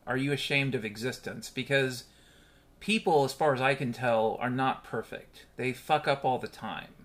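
A man's voice: mid-range voice, moderate pace, fairly bright tone. A man hosting his own podcast in a candid, rambling monologue with frequent swearing. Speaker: podcast host.

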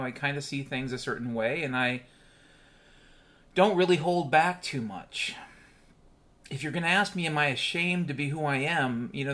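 Male solo podcaster, slightly high-pitched, blunt and profane, rambling monologue. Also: a bit bright. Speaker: podcast host.

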